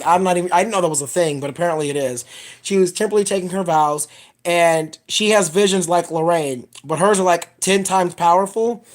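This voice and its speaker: A woman's voice: lowish voice, a little mellow. A woman giving a casual spoiler review of a film, blunt, profane and rambling as she retells scenes. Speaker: movie reviewer.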